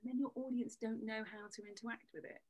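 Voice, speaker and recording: Husky woman explaining patiently. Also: on the high side, fairly even intonation, fast, a little mellow, rough recording. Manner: explanatory, uses demonstrative examples. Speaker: voice coach guest. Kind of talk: conversational interview.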